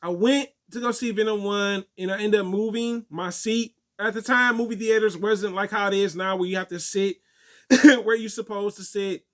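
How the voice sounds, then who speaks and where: A young man telling stories and answering viewer questions in a casual, animated way, laughing often. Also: high-pitched, moderate pace. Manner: animated storytelling, laughs often, acts out quotes. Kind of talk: casual chat.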